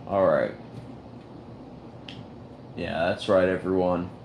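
A man's voice: low voice, fairly even intonation, slow pace, creaky, highs cut off, a little hiss or hum. A man hosting a casual audio chat, rambling in an ironic, self-mocking way. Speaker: host of an audio chat room.

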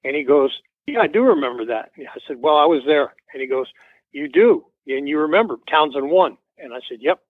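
Fairly high-pitched and expressive, the man speaks a little fast with a breathy edge, and the recording is dry. A musician guest in an interview, he tells a rambling, casual story and plays out the quoted dialogue, all over a tinny, dry phone line.

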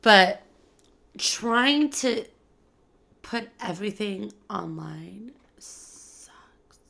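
A young woman with a gravelly, fry-laden voice talks easily as a podcast co-host. She tells classroom stories with animated energy and frequent laughter, in a loose, casual way. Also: medium pitch, extremely slow. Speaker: co-host, teacher.

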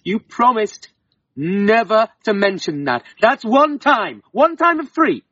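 A man's voice: high voice, very animated, slow, pushed and bright, dry recording, voice pushed up, heavily acted. A man doing a reproachful fairy wife. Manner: pointed, reproachful. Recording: dull, slightly distant, harp music behind.

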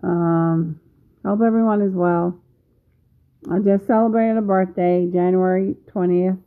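A woman in her fifties talking casually to her viewers, slow and measured, pausing often. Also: lowish voice, fairly even intonation. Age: 50s. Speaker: vlogger. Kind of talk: casual video commentary. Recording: tinny phone-like sound.

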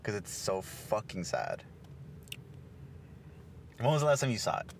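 Low-voiced man in profane casual chat. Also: expressive, unhurried, slight background noise. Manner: profane, laughing, storytelling. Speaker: podcast co-host.

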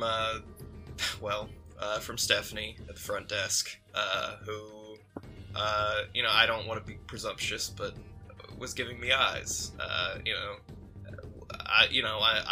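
An awkward office worker, played by a man rambles through his day in improvised tabletop role-play, filling it with fillers. He is pleased with himself. The voice sits low but sounds very bright. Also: a little slow, faint music behind, full character voice. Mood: rambling. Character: awkward male office worker, self-satisfied.

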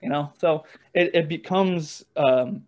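A young man, a former baseball catcher, telling stories in a relaxed, rambling way with lots of fillers and restarts. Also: on the high side, slow pace, lo-fi sound. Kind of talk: casual storytelling interview.

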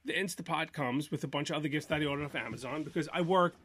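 A man's voice: fairly high pitch, quick pace, fairly bright tone, husky. Man, middle-aged, podcast co-host, casual live chat, rambling, lots of fillers. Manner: rambling storyteller, many fillers and restarts.

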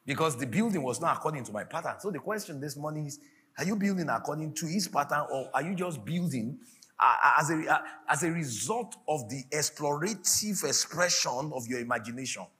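Pastor man preaching, high voice, bright and sharp, faint music behind. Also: expressive, brisk. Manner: preaching with prophetic declarations, building to shouted laughter. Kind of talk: sermon.

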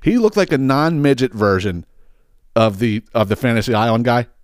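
A man hosting a podcast, telling a long, profane, animated rant full of restarts. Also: mid-range voice, moderate pace, no room sound, clean studio sound. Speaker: podcast host. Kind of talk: ranting storytelling.

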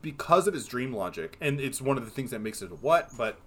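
A man's voice: mid-range voice, very animated, a little fast. A man co-hosting a film podcast, casually retelling movie scenes in a rambling way, full of fillers. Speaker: podcast co-host.

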